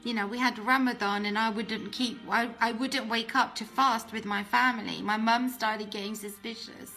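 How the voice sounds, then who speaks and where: Woman, faith testimony, earnest, emotional, restarts sentences, bright and forceful voice. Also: fairly high pitch, steady tone, moderate pace, soft background music. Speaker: testimony speaker.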